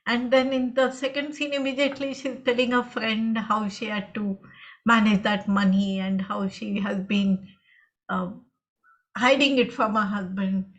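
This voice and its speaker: A woman in a casual book-club discussion, explaining her point in a measured way. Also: medium pitch, fairly even intonation, rough recording.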